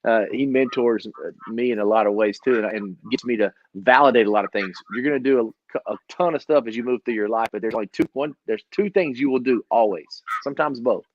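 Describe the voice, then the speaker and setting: A middle-aged man giving a casual motivational talk as a trainer, energetic and laughing often, with many restarts. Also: medium pitch, brisk, few pauses, no echo, highs cut off. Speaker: trainer co-hosting a live training session.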